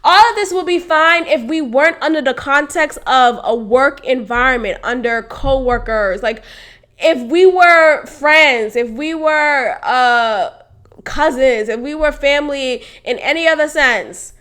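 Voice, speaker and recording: A woman's voice: high-pitched, measured pace, fairly bright tone. A young woman hosting a podcast, telling a workplace story casually and candidly, swearing freely and laughing as she goes. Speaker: podcast host.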